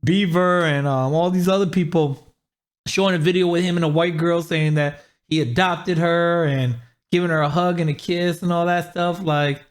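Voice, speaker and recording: This male podcast host speaks on the high side at a moderate pace, his tone clear and resonant. In a relaxed chat he talks with animation, raising his voice to act out other people's words.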